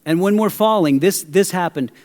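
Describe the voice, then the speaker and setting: A middle-aged male pastor preaching a sermon, animated as he tells a story and questions the audience. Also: high voice, moderate pace. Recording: long hall reverb.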